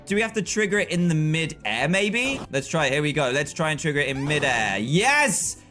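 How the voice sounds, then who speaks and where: A man streaming live gameplay with excitable, frustrated commentary, often yelling at the game. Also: on the high side, a little fast, soft background music.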